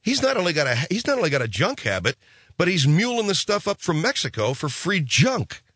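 A man's voice: fairly high pitch, sing-song, brisk, fairly bright tone, no room sound. A middle-aged man telling a profane, sarcastic, rambling comic story. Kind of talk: ranting comic monologue.

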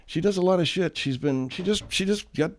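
A man's voice: high voice, a little fast. A male radio show host in casual, profane chat who rambles and laughs easily.

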